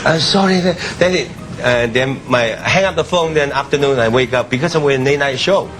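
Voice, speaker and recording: A man telling a casual, halting anecdote as a talk show guest, stopping and restarting as he laughs. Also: mid-range voice, fairly bright tone, a little hiss or hum.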